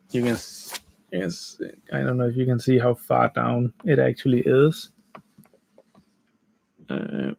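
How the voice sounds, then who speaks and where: Gravelly man rambling through a story. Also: mid-range voice, low-quality recording. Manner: rambling, full of restarts and "like". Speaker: gaming channel host. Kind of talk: casual storytelling. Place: room beside a bed.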